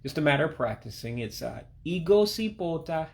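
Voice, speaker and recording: A man from Alabama, teaching a language lesson as a voice-over and patiently repeating each word slowly. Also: medium pitch, vocal fry. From Alabama, United States. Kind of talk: self-recorded language lesson. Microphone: voice-over to pictures and on-screen text.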